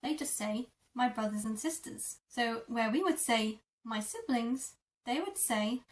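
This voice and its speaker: A woman teaching French vocabulary in a lesson video, repeating words slowly syllable by syllable. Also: fairly high pitch, lively intonation, distant mic. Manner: slow, drawn-out repetition of words. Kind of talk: language lesson.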